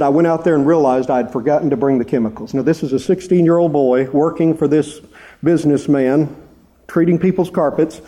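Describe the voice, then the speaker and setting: A man preaching a sermon, telling a story with lively emphasis and earnest, drawn-out stresses on key words. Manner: animated storytelling, rising pitch for emphasis.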